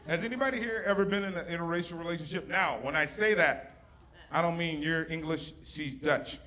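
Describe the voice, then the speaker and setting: This stand-up comedian, performing on stage for a live crowd, ribs the audience with brash, profane crowd work. His voice is a little high and moves at a moderate pace. Loud audience laughter fills the live-show recording.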